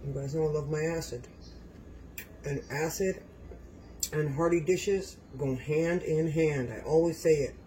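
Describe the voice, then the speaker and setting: A man's voice: fairly high pitch, fairly even intonation, measured pace, pauses often, warm tone, slight background noise, rough recording. A man filming a casual cooking demonstration in his home kitchen. He talks straight to his viewers and keeps exclaiming how delicious the food is. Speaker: home cook vlogger.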